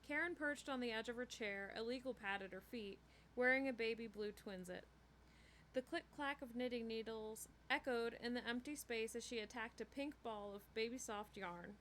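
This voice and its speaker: A woman reading a novel chapter aloud in a steady storytelling way. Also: on the high side, normal speed, a little hiss or hum. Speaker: book reader.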